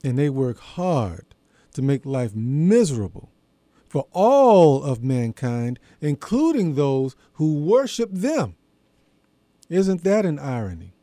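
Slow, mellow-voiced man preaching on radio. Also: fairly high pitch, very animated, dry recording. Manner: measured, emphatic preaching with deliberate pauses. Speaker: radio show host and preacher. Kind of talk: radio sermon.

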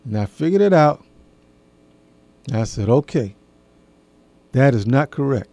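Middle-aged guy hosting, slow folksy talk, repeats stuff for emphasis, dry close sound. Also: mid-range voice, animated, warm tone, dry recording. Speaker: host. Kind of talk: casual talk to an audience.

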